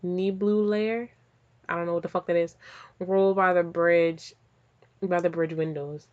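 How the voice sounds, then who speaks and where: A woman casually reading fanfiction aloud and breaking off into profane, animated comic asides. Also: fairly low pitch, unhurried. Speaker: fanfiction reader and reactor. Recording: slightly dull lo-fi audio.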